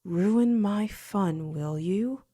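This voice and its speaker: A woman reading an audiobook, voicing a cruel young male faerie bully in a slow, whispery, menacing way. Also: medium pitch, mellow.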